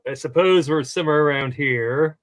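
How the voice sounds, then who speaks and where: A man's voice: on the high side, normal speed. A man who is a podcast guest, chatting and then reading a short story aloud.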